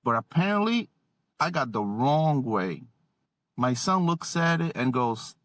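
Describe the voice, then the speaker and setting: A man's voice: medium pitch, very animated, measured pace, fairly bright tone, no echo. A man in his late thirties to forties hosting a podcast, telling comedic parenting stories in a wry, self-deprecating, exasperated way. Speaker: podcast host. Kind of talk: comedic storytelling monologue.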